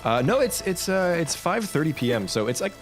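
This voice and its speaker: With soft music in the background, a man with a fairly high voice talks a little fast while gaming on a live stream. He keeps up a lively, rambling chatter to himself and to the viewers in his chat.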